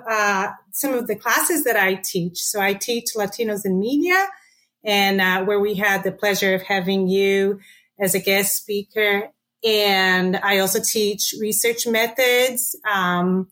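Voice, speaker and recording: A woman from Brazil with a Brazilian Portuguese accent, a professor speaking as a guest in an interview, polite and measured. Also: medium pitch, a bit bright. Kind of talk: podcast interview.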